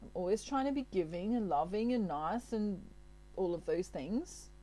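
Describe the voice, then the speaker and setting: A woman's voice: mid-range voice, animated, moderate pace, dark tone, natural voice, low-quality recording. A woman voicing a loving but fed-up female spirit, speaking sarcastically and with exasperation. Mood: pleading.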